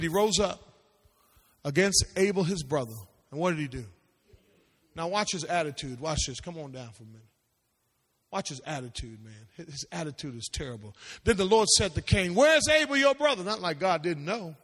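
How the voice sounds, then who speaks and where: A man preaching a Bible class with animated calls to the audience and sing-song lines that rise into shouts. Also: on the high side, brisk, slightly rough. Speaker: pastor teaching a seminary class. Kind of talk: preaching-style Bible teaching. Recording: long hall reverb.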